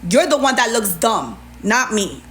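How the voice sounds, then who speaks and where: A woman livestreamer venting to her chat in a sassy, animated way. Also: a little high, a little slow, slight background noise. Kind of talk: venting on a live stream.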